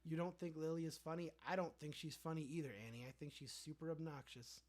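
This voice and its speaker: A man's voice: on the high side, fast talker, a little mellow. A man with a slightly raised voice chats loosely on his livestream, reading out viewer comments and answering them. He is sarcastic and rambling, and often trails off mid-thought. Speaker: livestream host.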